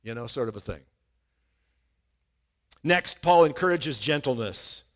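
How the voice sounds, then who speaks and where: A man's voice: medium pitch, lively intonation, a little slow. A middle-aged man preaching a sermon in a conversational way, often repeating words as he starts a thought. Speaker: pastor.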